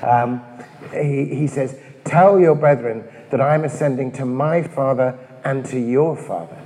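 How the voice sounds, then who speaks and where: A priest giving a conversational talk on prayer, full of asides and rhetorical questions. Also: male voice, mid-range voice, a little slow, dark tone. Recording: long hall reverb.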